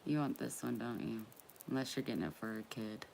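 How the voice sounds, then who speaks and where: Low-voiced chatty woman streaming live. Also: fairly quick, creaky, slight background noise. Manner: chatty, playful, excitable. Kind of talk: casual live stream chat.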